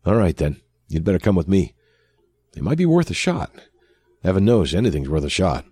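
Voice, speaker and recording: A man playing a weary human crewman who talks in a brisk, anxious way. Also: low voice, very animated, mellow, husky, dry recording, studio quality, full character voice. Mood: worried.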